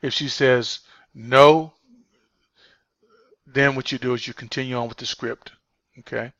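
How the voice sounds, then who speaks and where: A man's voice: mid-range voice, fairly even intonation, measured pace, fairly bright tone, dry recording. Emphatic male sales trainer, dull recording. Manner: emphatic, repeats key points, many fillers. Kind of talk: spoken training walkthrough.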